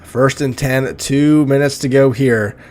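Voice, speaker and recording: A man's voice: medium pitch, steady tone, a little slow, darkish tone. A young man from Oklahoma doing joking play-by-play commentary on a video game football league, often laughing and stumbling over names.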